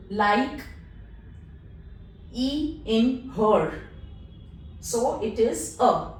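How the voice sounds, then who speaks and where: A woman language teacher patiently explaining letters and sounds in a slow, deliberate lesson. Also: a little high, a little mellow, distant mic. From India. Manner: patient, spells out letters one at a time. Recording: echoey room, voice off-mic.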